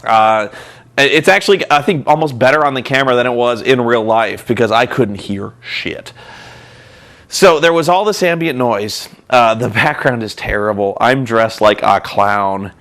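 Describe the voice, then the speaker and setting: A man's voice: mid-range voice, normal speed, a bit bright. A man hosting a vlog, telling a rambling, profane, self-mocking story. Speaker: vlog host and reviewer.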